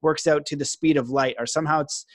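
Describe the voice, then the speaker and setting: Rambling, excitable man host. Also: fairly high pitch, fast, no echo, studio quality. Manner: rambling, enthusiastic, many fillers and restarts. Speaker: podcast host. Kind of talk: casual interview chat.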